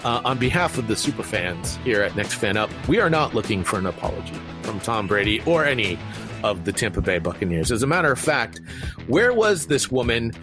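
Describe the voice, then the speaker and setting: A man's voice: mid-range voice, sing-song, fairly quick, music in the background. A man hosting a sports podcast, reading the week's football news in a wry, mock-newscaster way. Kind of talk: casual sports news roundup.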